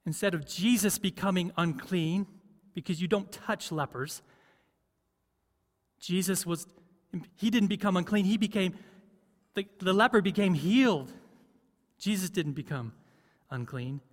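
Conversational pastor in an echoing church. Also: male voice, high voice, unhurried, long pauses. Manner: conversational, asks the congregation questions. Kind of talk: sermon.

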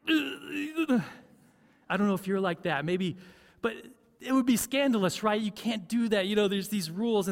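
Man preaching, slightly high voice, chatty, asks the room questions, long church echo. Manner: conversational, asks the congregation questions. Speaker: pastor. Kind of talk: sermon.

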